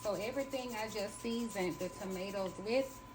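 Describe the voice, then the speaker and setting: A woman with a Southern US accent and a medium-pitched voice speaks at a moderate pace over heavy background noise. She hosts a casual cooking demonstration in her home kitchen, chatting folksily and addressing her viewers directly.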